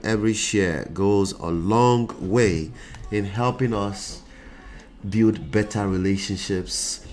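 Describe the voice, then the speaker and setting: A man hosting a relationship talk livestream, chatting casually and greeting viewers by name while he sounds congested. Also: on the low side. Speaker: relationship coach and show host.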